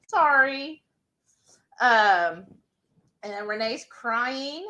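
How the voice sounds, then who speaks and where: A woman, co-hosting a live cooking stream and reading viewer comments aloud in a casual, unhurried way. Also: a little high, expressive, bright, forceful tone, poor audio. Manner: slow, unhurried, lots of ums.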